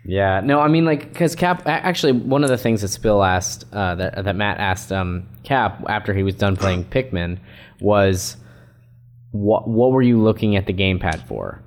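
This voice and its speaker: A man's voice: lowish voice, moderate pace. A man co-hosting a casual gaming chat, recounting a question asked earlier. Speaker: podcast co-host.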